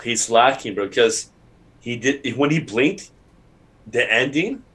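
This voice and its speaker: A man in casual chat as a podcast co-host, excitable and rambling, laughing often. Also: mid-range voice, takes it slowly, husky.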